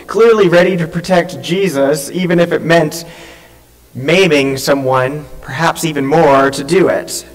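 Man preaching in a reverberant hall. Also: a little high. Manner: retells scripture dramatically, acting out quoted voices. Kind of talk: sermon.

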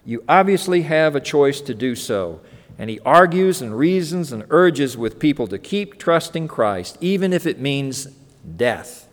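A man preaching a sermon as pastor, earnest and emphatic, slowing down to stress key phrases. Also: a little high, lively intonation. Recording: long reverb of a hall.

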